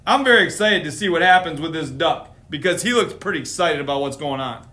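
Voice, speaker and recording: A man's voice: on the high side, expressive, brisk, few pauses, bright, forceful tone. A man reading a picture book aloud on a live stream, playful, with chatty asides to his viewers. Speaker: storytime reader.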